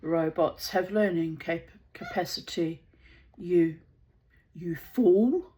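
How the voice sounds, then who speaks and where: A woman's voice: on the low side, takes it slowly, warm tone, poor audio. A woman reading the part of a stern, short-tempered woman scientist, her lines curt and snapping. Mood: angry. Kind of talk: audiobook character reading.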